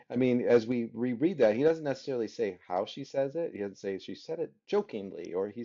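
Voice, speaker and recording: Warm in tone and lowish in pitch, this male literature teacher talks his class through a story. He repeatedly asks his listeners a rhetorical "right?", captured in a dull, lo-fi lecture recording.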